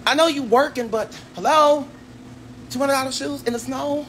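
A man ranting on a casual phone livestream, flamboyant and sassy, with sudden shrieks and high exclamations. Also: fairly even intonation, fast, a little hiss or hum. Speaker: social media personality on a livestream.

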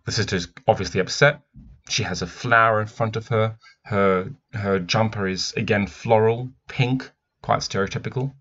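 A man's voice: lowish voice, steady tone, normal speed, a bit bright. A man talking through a picture book as a teacher, musing and thoughtful as he reads and comments. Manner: thoughtful, musing, with frequent restarts. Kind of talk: read-aloud book analysis. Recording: dull lo-fi recording.

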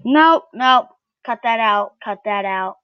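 A woman's voice: on the high side, animated, slow pace, highs cut off. A woman doing casual game commentary while opening card packs, swearing freely and shrieking whenever a good player shows up. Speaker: gaming video creator.

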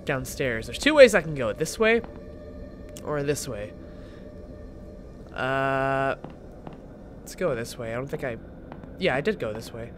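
A man's voice: medium pitch, big pitch swings, unhurried, pauses often, soft background music. A young man commentating a horror game he is playing, joking around, swearing and yelping at the scares. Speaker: gaming channel host.

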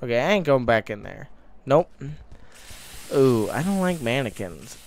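A man's voice: medium pitch, sing-song, measured pace, vocal fry, darkish tone, slight background noise. A young man commenting on a horror game as he plays, muttering to himself with sudden startled outbursts. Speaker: gaming YouTuber.

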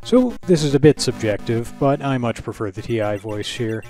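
A man's voice: medium pitch, lively intonation, moderate pace, warm tone, faint music behind. A man hosting a retro computing channel, narrating a scripted review in a dry, wry, analytical way.

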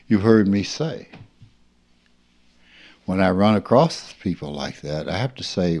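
A man in his seventies from rural Mississippi, giving an earnest, reflective spiritual talk as a teacher who sometimes drops to a near-hush. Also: sits low, animated, measured pace, muffled recording. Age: 70s.

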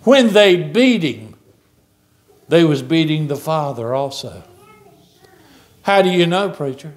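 A pastor delivers his sermon with fervor, his voice sitting high for a man. He takes his time, leaning on slow, deliberate phrasing and pressing his listeners with rhetorical questions. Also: lively intonation. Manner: fervent, preaching with rhetorical questions. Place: church sanctuary.

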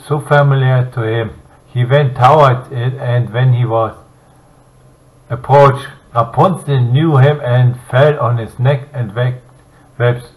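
Man, fairy tale read-aloud, slow careful pace, halting restarts. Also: mid-range voice, poor audio. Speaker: storyteller.

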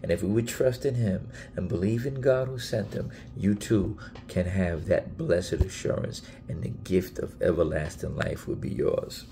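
A man's voice: low voice, normal speed, vocal fry, hardly any pauses, mellow, a little hiss or hum. A man preaching in a casual Bible teaching video, earnest and emphatic, often repeating himself and restarting phrases.

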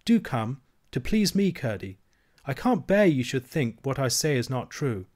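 A man's voice: mid-range voice, big pitch swings, measured pace, a little mellow. A man reading aloud and voicing a young princess girl who is earnest and insistent, speaking with a raised, eager voice. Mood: pleading.

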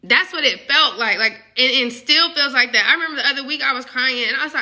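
A woman's voice: high-pitched, quick pace, few pauses, pushed and bright. A young woman giving a casual, emotional spiritual message reading as a love coach. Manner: emotional, musing, conversational.

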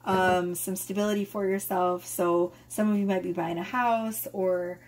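A woman's voice: medium pitch, fairly even intonation, measured pace, a little mellow. A woman in her thirties who is losing her voice, chatting casually and swearing as she reads tarot cards to camera. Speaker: tarot reader.

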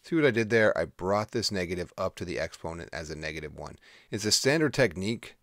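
A man's voice: low-pitched, expressive, fast, fairly bright tone, no echo, studio quality. A man teaching a recorded math lesson, explaining in a casual, conversational way.

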